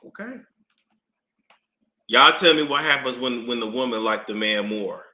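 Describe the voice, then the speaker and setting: A man with a New York accent giving casual gossip commentary, animated and drawn out, often repeating himself. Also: medium pitch, normal speed. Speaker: commentary streamer. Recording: echoey room.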